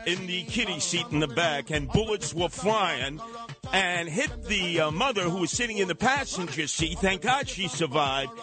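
An older man hosting a talk radio show, animated and sarcastic, slipping into voices to mock people. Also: high voice, normal speed, music in the background. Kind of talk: opinionated talk radio monologue.

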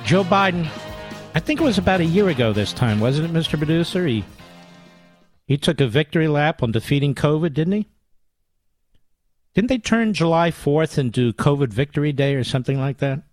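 A man's voice: a little high, animated, a little fast, no echo, faint music behind. Man, older, talk radio host, sarcastic, combative, emphatic, dry studio sound. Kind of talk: political talk radio monologue with ad reads. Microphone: studio microphone.

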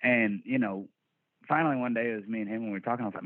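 Rapid-fire and mid-range, this podcast guest from Texas, a band vocalist with a Texan accent, swaps candid stories in a laid-back casual interview. He swears freely, and the dry recording sounds tinny like a phone line.

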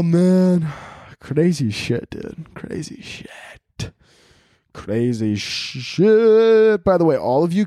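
A young comedian hosts his own solo podcast, ranting casually, swearing and drifting off on tangents. His voice is mid-range with a darkish tone, captured as a dry, clean studio recording.

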